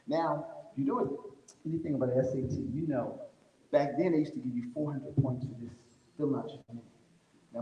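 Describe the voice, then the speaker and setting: A man's voice: fairly high pitch, warm tone. Folksy man speaking in an echoing hall. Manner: folksy, storytelling, addresses the crowd directly. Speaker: conference speaker. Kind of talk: motivational talk to a live audience. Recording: echoey hall with long reverb.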